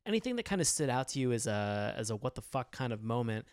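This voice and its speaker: A man's voice: medium pitch, sing-song, quick pace, smooth, dry recording, studio quality. A man hosting a podcast, earnestly steering the conversation between co-hosts. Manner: earnest, guiding the discussion. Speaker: podcast host. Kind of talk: casual chat.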